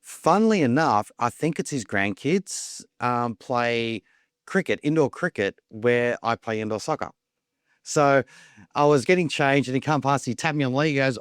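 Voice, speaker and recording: A man's voice: medium pitch, moderate pace, clear, resonant tone, dry recording, studio quality. A man telling his own story in casual talk, rambling, repeating words and acting out the lines of others. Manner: rambling, repeats words, acts out quoted dialogue. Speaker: podcast guest.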